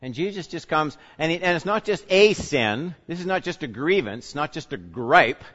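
A male pastor teaching a sermon in a conversational way, putting questions to the congregation and swinging between loud emphasis and quiet asides. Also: on the high side, expressive, normal speed. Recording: reverberant hall, dull lo-fi sound.

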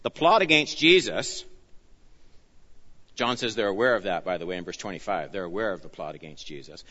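A man preaching an expository sermon, earnest and emphatic, often dropping low and soft on key phrases. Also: expressive, brisk. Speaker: pastor. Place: church. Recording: dull sound, long reverb of a church hall.

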